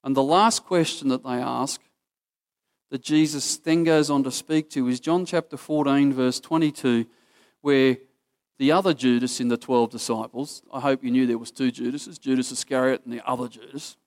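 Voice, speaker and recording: Casual Australian preacher telling a story. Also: male voice, medium pitch, fairly even intonation, normal speed. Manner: casual storytelling, acts out quoted voices. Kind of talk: sermon.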